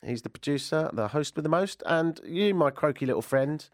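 A man's voice: a little high, animated, moderate pace, a little mellow, dry recording. A man hosting a radio show in casual chat, dry and self-mocking in manner.

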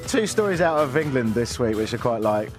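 A man's voice: mid-range voice, very animated, a little fast, music in the background. A man with a Canadian accent hosting a talk radio show, mocking the news with dry humor. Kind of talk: sarcastic talk radio monologue. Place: radio studio.

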